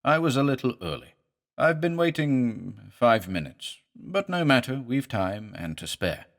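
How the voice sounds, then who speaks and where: A man voicing a confident, brisk male hunter in a horror audiobook. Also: mid-range voice, very animated, gravelly, pitched above the performer's own voice.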